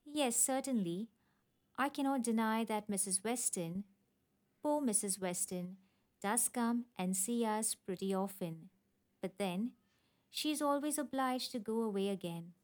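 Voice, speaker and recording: A woman's voice: a little high, measured pace, a little mellow, close to an everyday voice. A woman voicing a fretful, melancholy elderly father in a storybook reading, in a plaintive manner.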